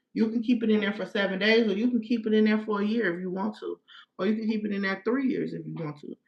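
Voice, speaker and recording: On a casual livestream, a woman who works as a spiritual practitioner gives blunt, profane, emphatic how-to instructions. Her voice is fairly high and a bit bright. The recording has slight background noise and sounds dull and lo-fi in an echoey room.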